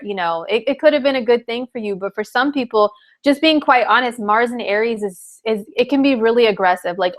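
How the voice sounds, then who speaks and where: A woman astrologer giving a casual live-streamed forecast, chatty and candid with many fillers. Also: mid-range voice.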